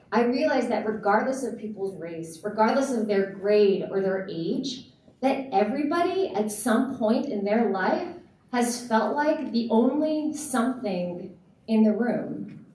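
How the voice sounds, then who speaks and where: A woman's voice: medium pitch, a little mellow. A woman in her thirties, a teacher, giving an earnest, reflective talk on a festival stage with some fillers. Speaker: teacher and speaker. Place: festival stage in a large hall. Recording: echoey hall, voice picked up from a distance.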